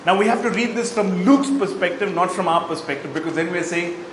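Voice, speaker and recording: A man's voice: high-pitched, brisk, background noise. A man preaching a sermon, reading Bible verses aloud and explaining them to the congregation. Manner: expository Bible teaching with verse readings and asides. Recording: echoey hall, faint ambience.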